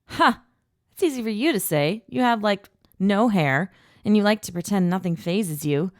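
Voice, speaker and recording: A woman's voice: medium pitch, moderate pace, no echo, studio quality, pitched above the performer's own voice, natural voice. A woman voicing a playful young heroine in an audiobook, teasing and protesting in a raised, squealing voice.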